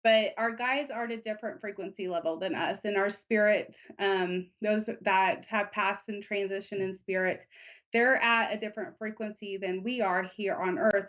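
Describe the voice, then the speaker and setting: A woman giving a live psychic reading, speaking in a gentle, unhurried, reassuring way. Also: medium pitch, dull audio. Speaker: psychic reader.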